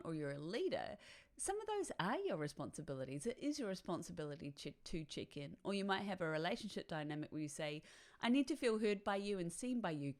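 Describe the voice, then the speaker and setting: Woman, lowish voice, chatty coaching tone, guided self-reflection talk, checks in with "right?". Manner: warm, chatty coaching with frequent "right?" tags and laughs. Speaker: author and workshop guide.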